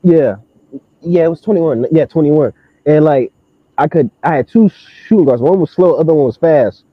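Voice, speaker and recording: A young man in casual chat, telling an animated story full of slang and laughter. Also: on the high side, moderate pace, dry recording. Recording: dull lo-fi sound.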